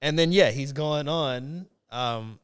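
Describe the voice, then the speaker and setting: A man hosting a casual podcast, talking in a loose, rambling way and often circling back to restart his sentences. His voice is smooth and clean, sitting at an ordinary middle pitch. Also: takes it slowly. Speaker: podcast host. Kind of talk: casual chat.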